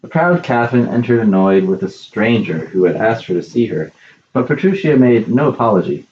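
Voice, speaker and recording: A man narrating a classic story in a measured, plain reading. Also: on the low side, very animated, a little mellow, roomy sound, lo-fi sound, a little hiss or hum.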